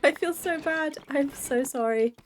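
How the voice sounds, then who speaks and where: A woman's voice: sits high, unhurried, slight background noise. A young woman with a cold, chatting and giggling through casual let's-play commentary and talking to the game's creatures. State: voice affected by a cold. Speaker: gaming video creator.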